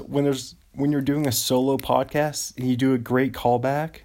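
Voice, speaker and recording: A man's voice: medium pitch, very animated, takes it slowly. A man hosting a solo podcast, rambling and amused with himself as he cheers on his own jokes. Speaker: podcast host.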